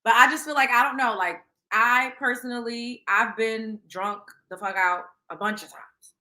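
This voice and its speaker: Blunt, high-voiced woman gossip host. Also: moderate pace, reverberant. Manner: blunt, profane, animated. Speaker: show host. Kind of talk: casual celebrity gossip commentary.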